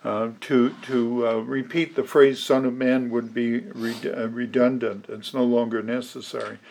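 A man preaching an expository sermon, teaching at a measured pace with frequent ums and restarts. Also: mid-range voice, level tone, gravelly, darkish tone.

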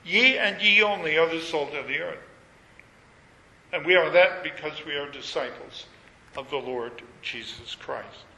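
A man preaching a sermon, measured and emphatic, leaning on repetition. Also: fairly high pitch, pushed and bright. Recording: echoey hall with long reverb.

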